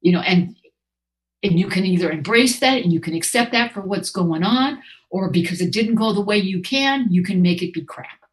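An older woman tells her own recovery story with candid, self-mocking honesty. She rambles through fillers and restarts, circling back to her point. Her voice sits at an ordinary middle pitch. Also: moderate pace. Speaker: speaker sharing at a recovery meeting. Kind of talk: personal recovery share.

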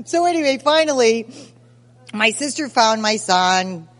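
A woman in her sixties telling stories at a recovery meeting, lively and self-mocking, acting out scenes as she goes. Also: a little high, measured pace, long reverb tail. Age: 60s. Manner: animated, self-mocking storyteller who acts out scenes. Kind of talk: personal testimony at a recovery meeting.

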